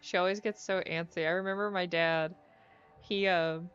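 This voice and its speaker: A young woman streaming as she plays, chatting casually and getting easily excited as she muses aloud. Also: lowish voice, normal speed, smooth. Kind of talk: casual stream chat while playing. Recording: dull lo-fi audio with faint music.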